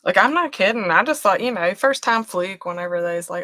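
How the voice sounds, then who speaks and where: A woman's voice: mid-range voice, lively intonation, a little fast, bright, forceful tone, no echo, clean studio sound. A woman from West Virginia with an Appalachian accent, a craft host chatting casually and folksily while she works, laughing often.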